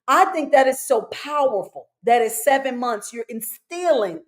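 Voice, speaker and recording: A woman's voice: high voice, moderate pace. Earnest, affirming woman host. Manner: affirming, earnest, speeds up when excited. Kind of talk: casual spiritual conversation.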